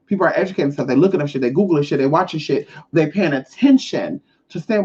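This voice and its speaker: A woman's voice: deep voice, quick pace, hardly any pauses, husky, highs cut off. A woman hosting a live stream as a spiritual advisor, talking bluntly and with heavy swearing, often acting out other people's lines. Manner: blunt and profane, with lively acted-out quotes. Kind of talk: casual live-stream talk.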